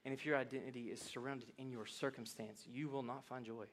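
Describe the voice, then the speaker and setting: A man preaching a sermon to a congregation, with a folksy, animated delivery that moves from soft reflection to excited emphasis. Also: fairly quick, a little hiss or hum. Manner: animated, swings from soft reflective lows to loud excited highs; folksy, addresses congregation as y'all. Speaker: pastor. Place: church sanctuary.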